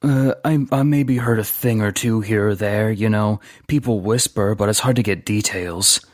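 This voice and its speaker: A man's voice: lowish voice, moderate pace, no room sound, studio quality, lightly acted. A man playing an earnest ex-saboteur. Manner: earnest, emotional, pleading. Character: weary ambitious male ex-saboteur.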